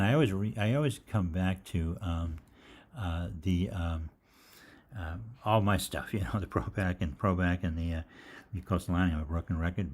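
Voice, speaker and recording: An older man with a deep, low-pitched voice hosts a live question-and-answer session. He drifts from one anecdote to the next, joking and swearing casually as he goes. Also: a little mellow. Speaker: host of a live health Q&A.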